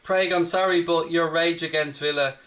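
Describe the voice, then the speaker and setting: Brash, bright-voiced man. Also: on the high side, fairly even intonation, moderate pace. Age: 30s. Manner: brash, crude, mock-boastful joking. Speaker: host. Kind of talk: live watchalong banter.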